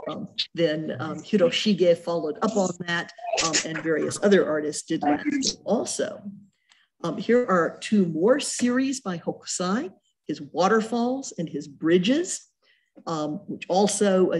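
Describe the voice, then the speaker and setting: A middle-aged woman with a lowish voice lectures on art history as a museum curator. She's chatty, often saying "um" and correcting herself as she goes.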